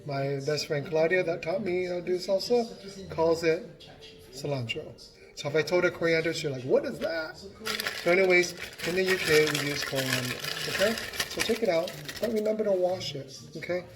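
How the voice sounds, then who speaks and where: A man's voice: a little high, background noise. A man giving a casual cooking demonstration in his home kitchen, chatty and encouraging as he talks while chopping.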